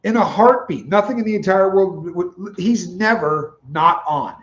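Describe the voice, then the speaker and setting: Man, co-host, casual livestream chat, easygoing and wry, slightly high voice, dull lo-fi sound. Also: unhurried, a bit bright, reverberant, a little hiss or hum. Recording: dull lo-fi mic.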